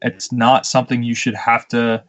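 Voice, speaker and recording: A man's voice: medium pitch, completely flat delivery, normal speed. A man, a pro wrestler, talking in casual podcast chat, blunt and profane, telling stories with irritation. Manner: blunt, profane, ranting storyteller.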